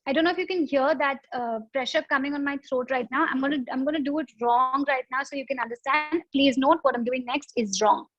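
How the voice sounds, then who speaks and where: Yoga teacher lady, high voice, explains breathing slowly w analogies, dry dull lo-fi audio. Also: fairly even intonation, dry recording. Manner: patient, explains with analogies and demonstrations. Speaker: yoga instructor. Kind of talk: guided breathing instruction.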